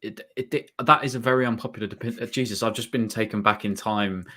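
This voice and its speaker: A man co-hosting a football chat, halting and restarting as he talks. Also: lowish voice, fairly even intonation, sharp tone. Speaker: co-host. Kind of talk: casual chat.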